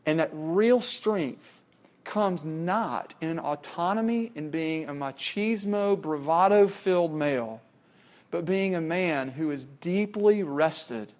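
Preacher, male, somewhat high voice, emphatic sermon with rhetorical questions. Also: measured pace. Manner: emphatic, rhetorical questions, swings from loud to hushed.

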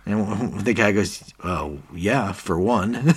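A man's voice: sits low, fairly even intonation, a little slow, few pauses, slightly rough. A man co-hosting a podcast, retelling scenes in casual chat and acting out the characters' lines between laughs. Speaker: podcast co-host.

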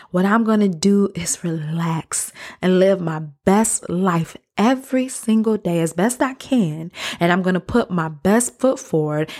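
A young adult woman hosting a podcast, giving a motivational faith talk in a conversational, encouraging way with playful asides. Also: mid-range voice. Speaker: podcast host.

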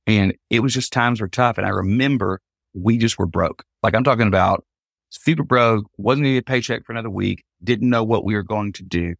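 Clean studio sound with no echo carries a fairly low, creaky male voice moving at a fairly quick clip. The speaker, a Christian singer on a podcast, shares a personal story with lively energy, voicing the characters as he quotes them.

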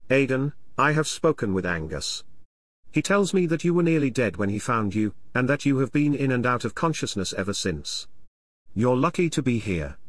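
A man's voice: medium pitch, very animated, normal speed, no room sound. A man voicing a guilt-ridden man who speaks hesitantly, groping for words.

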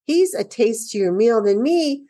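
A woman's voice: a little high, lively intonation, a little slow, mellow, dry recording. A woman voicing a nervous middle-sized male billy goat in a storybook retelling, protesting in a raised voice. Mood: anxious.

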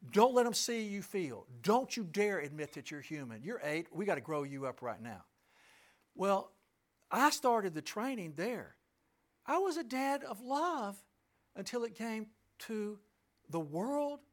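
A middle-aged man telling a personal story to an audience, emphatic and asking listeners rhetorical questions. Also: sits high. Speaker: speaker addressing an audience.

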